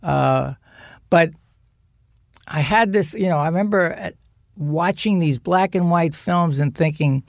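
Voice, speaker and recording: A man in his sixties from New Jersey, a guest telling animated stories in a podcast interview and acting out family members' voices. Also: on the high side, no room sound, studio quality. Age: 60s. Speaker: guest actor.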